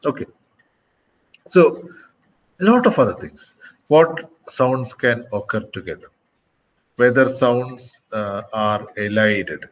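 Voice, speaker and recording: A man giving a classroom lecture, speaking slowly and deliberately, with frequent fillers and check-ins. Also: mid-range voice, expressive, dull audio, slight background noise. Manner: slow, deliberate, frequent "okay" and "uh".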